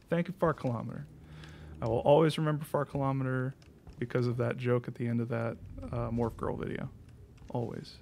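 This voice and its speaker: A man's voice: medium pitch, flat delivery, fairly quick, a little mellow, a little hiss or hum. A young man streaming a game, chatting in a rambling way, swearing freely and laughing often. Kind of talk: casual chat while playing.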